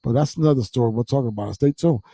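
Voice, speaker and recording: Guy telling a rough funny work story, gravelly and dark, dry close mic. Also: medium pitch, racing. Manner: profane, animated, acts out quotes. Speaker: guest storyteller. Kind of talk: casual storytelling.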